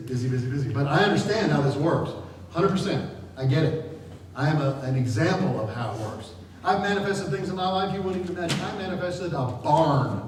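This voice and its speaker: A middle-aged man giving a chatty, jokey seminar talk to a live audience, often laughing as he speaks. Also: fairly high pitch. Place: large room with an audience. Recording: distant, echoey hall with noise.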